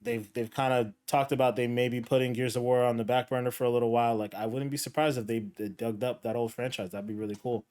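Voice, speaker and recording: A man's voice: mid-range voice, fast talker, few pauses, smooth. Laid-back rambling male podcast host. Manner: relaxed, rambling, lots of fillers. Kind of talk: casual chat.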